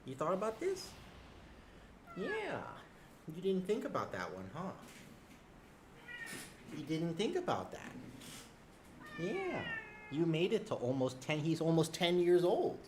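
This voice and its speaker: A man's voice: on the high side, slight background noise. A man chatting casually on a live game stream, swearing freely and playfully scolding his cat. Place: home room at a computer.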